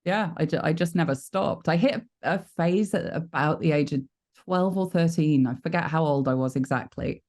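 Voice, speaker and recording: A British woman in her forties speaks openly in an interview. She is a chatty, frank storyteller who is quick to poke fun at herself. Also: deep voice, darkish tone. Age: 40s. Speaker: voice actor guest. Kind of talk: candid interview talk.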